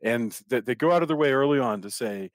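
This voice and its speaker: A man's voice: medium pitch, lively intonation, quick pace, dry recording, clean studio sound. A middle-aged man hosting a podcast, talking through a film in a rambling way, often restarting and repeating words. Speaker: podcast host. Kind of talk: casual film discussion.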